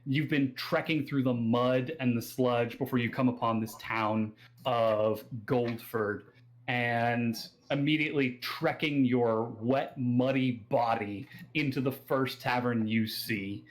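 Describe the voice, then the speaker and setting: A man with an Australian accent narrating a tabletop game as game master, pausing often with fillers. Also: medium pitch, steady tone, rough recording. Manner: hesitant, many fillers and restarts.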